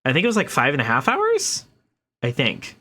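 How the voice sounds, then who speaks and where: Young woman, streamer, casual chat, excitable, bright voice. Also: very deep voice, moderate pace, breathy edge. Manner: chatty, excitable, talks to her cat.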